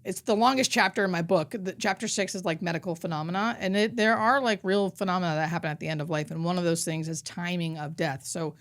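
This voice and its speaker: A woman hospice nurse, a guest on an interview show, telling stories in a casual, animated way and acting out what people said. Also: lowish voice, quick pace, hardly any pauses. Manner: animated storyteller, acts out quotes.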